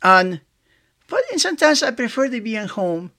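A man, hosting a casual solo podcast, rambling excitedly, laughing often and acting out both sides of conversations. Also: very high-pitched, normal speed. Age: 60s. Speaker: podcast host.

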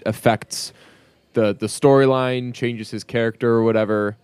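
A man's voice: mid-range voice, fairly even intonation, moderate pace, a little mellow, smooth, no room sound. Chatty man on a dry close mic. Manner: chatty, joking, many restarts. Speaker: podcast co-host. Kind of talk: casual chat.

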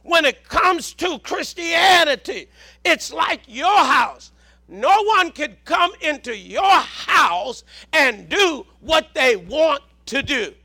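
Southern male preacher, very high gravelly voice, slow shouted sermon delivery. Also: animated. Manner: preaching with shouted emphasis and repeated words.

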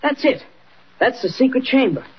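An actor playing an earnest, boyish young newspaper helper in 1940s radio acting style. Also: male voice, extremely high pitch, expressive, moderate pace. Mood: eager. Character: eager teenage newspaper boy, Jimmy Olsen. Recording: dull, faintly noisy old radio recording.

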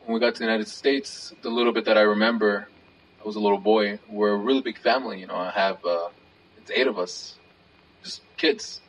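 A man hosting a casual conversation, speaking haltingly with many fillers. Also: lowish voice, steady tone. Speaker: host. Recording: distant mic with faint noise.

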